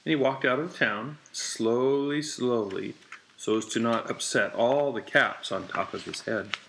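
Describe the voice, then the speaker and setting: A man reading a children's picture book aloud with a slow, deliberate, repetitive storytelling cadence. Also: medium pitch, lively intonation, gravelly, sharp tone, a little hiss or hum.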